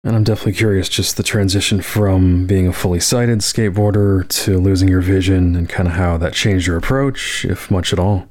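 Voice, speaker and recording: Deep-voiced podcast host giving short replies. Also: male voice, steady tone, brisk, few pauses, darkish tone. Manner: brief affirming replies, curious questions. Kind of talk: casual interview chat.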